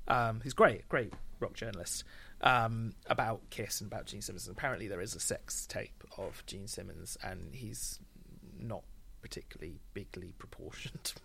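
A man's voice: fairly low pitch, moderate pace, creaky, bright, forceful tone, a little hiss or hum. A man on a podcast, casually chatting about an album with dry, sweary humour and laughter. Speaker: podcast co-host. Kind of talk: casual chat reviewing an album.

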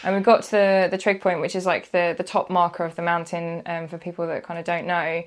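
A woman, a freelance motoring journalist, telling a personal story in a casual podcast chat, animated and quick to act out what people said. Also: lowish voice. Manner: animated storyteller, acts out quotes, laughs often.

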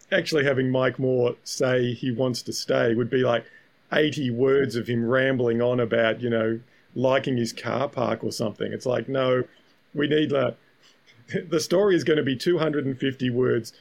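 A man's voice: mid-range voice, fairly even intonation, moderate pace, vocal fry, rough recording. A man co-hosting a podcast, explaining at length in a reflective, casual way with many fillers. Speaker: podcast co-host. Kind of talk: casual chat.

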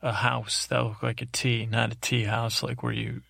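A man telling a rambling comedic story as host, deadpan and halting, full of fillers and restarts, into a studio microphone. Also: mid-range voice, creaky, no room sound. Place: isolated recording space.

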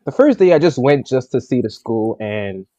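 A man's voice: mid-range voice, big pitch swings, normal speed, dark tone, no echo, dull audio. A man co-hosting a casual chat show, talking bluntly and jokingly. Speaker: podcast co-host.

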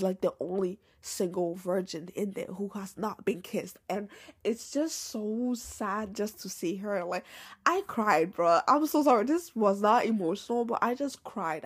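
Woman, podcast host, husky voice, casual solo chat, blunt and slangy, loud then hushed. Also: medium pitch.

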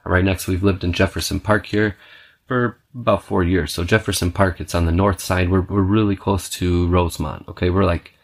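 Low-voiced profane storytelling man. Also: fairly even intonation, moderate pace. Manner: profane, rambling, punctuates with "okay"; restless, self-described scatterbrained. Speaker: podcast host. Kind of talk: casual storytelling monologue.

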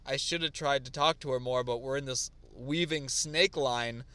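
Speaking at a moderate pace with a clean tone and medium pitch, this podcast co-host chats casually. His storytelling is animated, full of filler words and sentences he starts over.

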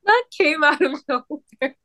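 Female co-host, light and slightly high, giggly, relaxed chat. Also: takes it slowly. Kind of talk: casual chat.

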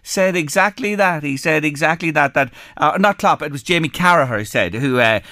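A man's voice: a little high, expressive, normal speed, sharp tone, no echo, studio quality. A man hosting a casual radio chat, asking questions in an encouraging, chatty way. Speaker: radio host. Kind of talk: casual interview.

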